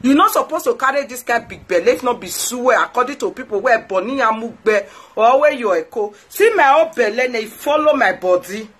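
A woman's voice: on the high side, expressive, a little fast, few pauses, breathy edge. Scolding Nigerian woman ranting to followers. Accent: Nigerian Pidgin. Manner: scolding, indignant, repeats phrases for emphasis. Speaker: host.

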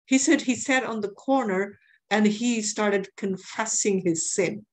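A woman's voice: medium pitch, a little slow, darkish tone. A woman preaching a sermon, telling a testimony in an earnest way and repeating phrases for emphasis.

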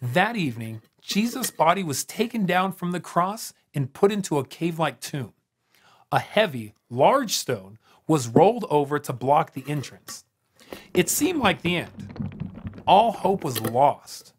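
A man narrating a scripted children's Bible story in an expressive way, with dramatic pauses. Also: fairly high pitch, breathy edge. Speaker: storyteller on a kids' show.

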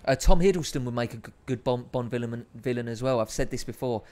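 A man's voice: medium pitch, quick pace, a little mellow. A man hosting a live stream, chatting casually with viewers and reading out their comments, with a rambling, self-deprecating manner.

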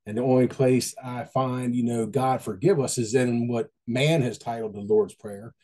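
A man's voice: medium pitch, fairly even intonation, moderate pace, mellow. A man giving a casual devotional talk, folksy and conversational, often repeating his phrases. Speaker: Christian devotional speaker.

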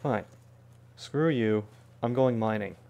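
A man in the middle range of pitch talks his way through a video game stream. He mutters to himself with a wry edge and drops joking asides as he plays. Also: slow pace, creaky, mellow. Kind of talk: casual gameplay commentary.

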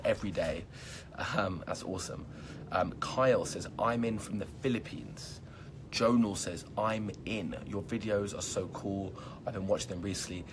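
A magician hosting a live stream, reading viewer comments aloud in casual, upbeat chat and hyping the audience, with lots of "um" and "like.". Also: male voice, low-pitched, background noise. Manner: upbeat, hypes viewers, many fillers like "um" and "like". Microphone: phone or laptop live stream.

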